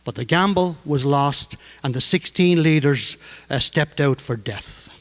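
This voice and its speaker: A male storyteller on stage, narrating in a measured, dramatic way. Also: on the high side, fairly bright tone. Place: stage performance. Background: guitar.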